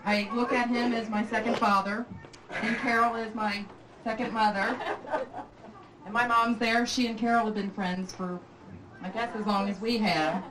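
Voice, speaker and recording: A woman in her forties giving a warm, reminiscing birthday toast of thanks. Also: on the high side, fairly even intonation, moderate pace. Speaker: toast giver at a birthday party. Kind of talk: thankful speech. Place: room at a family party. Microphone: far camcorder. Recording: echoey room from far off, noise.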